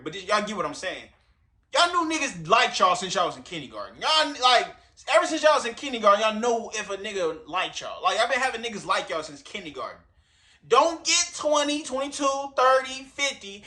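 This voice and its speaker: A man reacts to a clip on camera in a loose, rambling, profane way, speaking straight to his audience. His voice sits high and swings widely in pitch. It has a bright, sharp edge. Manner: profane, rambling, addresses viewers directly. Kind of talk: casual reaction commentary. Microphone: recording himself on camera.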